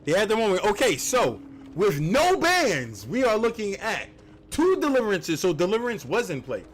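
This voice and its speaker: A man's voice: sits high, huge pitch swings, normal speed, a little hiss or hum. A man hosting a livestreamed game tournament, explaining the rules with joking asides. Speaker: tournament host and caster.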